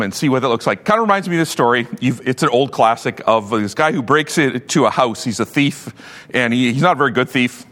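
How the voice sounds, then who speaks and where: A man in his fifties, a pastor giving a sermon with animated, joking storytelling. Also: mid-range voice, fairly quick. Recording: long hall reverb.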